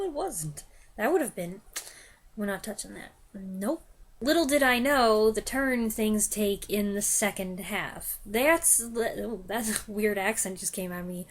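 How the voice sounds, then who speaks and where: A young woman reviewing films, stumbling over lines, restarting takes and laughing at herself. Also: on the high side. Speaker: film reviewer. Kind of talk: blooper reel of review takes.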